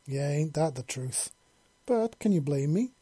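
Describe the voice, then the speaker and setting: A man's voice: on the high side, animated, unhurried, no room sound. A man reading a playful armored young man. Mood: gentle, warm. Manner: playful, teasing, then gentle.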